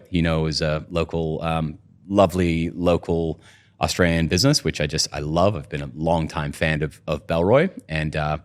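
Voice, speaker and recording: A man, a company co-founder, talking through a casual podcast interview with lots of "you know" and "right?". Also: extremely low pitch. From United States.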